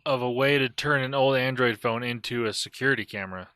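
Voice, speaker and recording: A man's voice: mid-range voice, fairly quick, sharp tone, clean tone, no echo. A man co-hosting a casual tech podcast, tossing in dry wisecracks. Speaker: podcast co-host.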